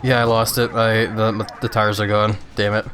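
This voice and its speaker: A man's voice: on the low side, flat delivery, normal speed, a bit bright, faint music behind. A man casually commenting on a racing game as he streams, laid-back and laughing often, with hiccups.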